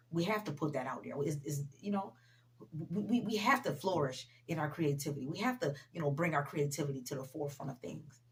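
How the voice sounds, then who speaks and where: A woman giving a casual motivational talk to her viewers, speaking directly to them and repeating key sayings for emphasis. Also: lowish voice. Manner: conversational, addresses viewers directly, frequent "you know". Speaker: motivational vlogger.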